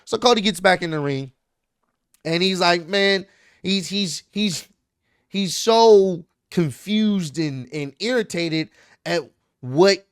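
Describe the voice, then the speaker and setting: A man recapping a wrestling show in a casual, animated way, full of slang and quick asides, as host of his own channel. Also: high-pitched, clear, resonant tone, no echo, clean studio sound.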